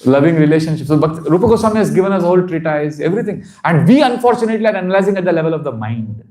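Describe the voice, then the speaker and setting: Male spiritual teacher, higher-pitched voice, earnest, repeats lines, laughs often. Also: warm tone. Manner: repeats phrases for emphasis. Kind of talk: devotional seminar talk.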